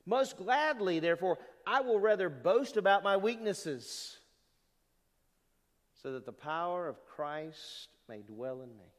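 A man preaching a sermon, animated and full of rhetorical questions to the congregation. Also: high voice, unhurried. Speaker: pastor. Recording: long hall reverb.

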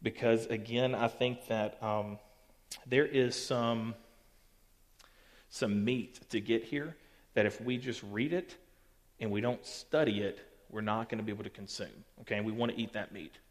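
A man's voice: on the low side, steady tone, unhurried. A man teaching a youth group Bible lesson in a casual, teasing way. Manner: casual, teasing and joking with listeners. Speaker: youth pastor. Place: church hall. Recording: long reverb of a church hall.

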